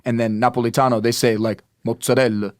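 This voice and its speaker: A man's voice: medium pitch, moderate pace, dry recording, studio quality. A young man talking as a guest on a podcast, rambling and often correcting himself mid-sentence. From United States. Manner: rambling, self-correcting, animated. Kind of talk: casual podcast chat.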